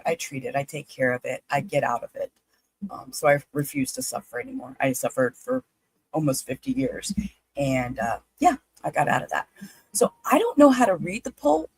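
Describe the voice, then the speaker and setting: Lady in her 50s hosting a live stream, gravelly husky voice, dry close sound, chatty and excitable. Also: low-pitched, dry recording, low-quality recording. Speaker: livestream host. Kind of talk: casual livestream chat.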